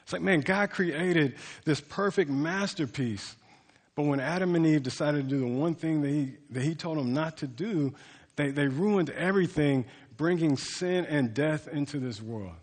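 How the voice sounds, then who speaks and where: Casual, fairly high-voiced male preacher. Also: moderate pace, big-room sound. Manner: casual, conversational preaching with many fillers and restarts. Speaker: pastor. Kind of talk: sermon.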